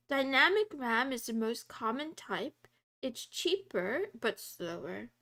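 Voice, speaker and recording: A woman streamer chatting casually with her viewers, reading study notes aloud, giggling and drifting into soft meows. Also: on the high side, animated, slow pace, pauses often.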